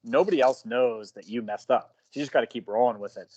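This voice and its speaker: A man's voice: mid-range voice, quick pace, darkish tone, highs cut off. A man who coaches jiu-jitsu, telling self-mocking stories in a casual podcast chat.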